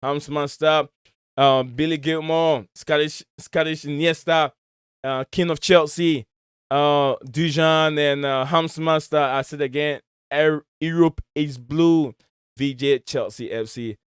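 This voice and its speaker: Male stream host, loose rambling talk; smooth, dry close sound. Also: a little high, steady tone, slow pace, no echo. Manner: rambling, searching for words. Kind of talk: casual chat on a live stream. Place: home in Michigan.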